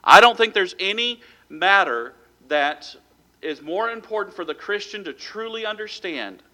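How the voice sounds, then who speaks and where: A man's voice: high voice, lively intonation, a little slow, pushed and bright. A man preaching a sermon as pastor, talking plainly and acting out quoted voices as he goes.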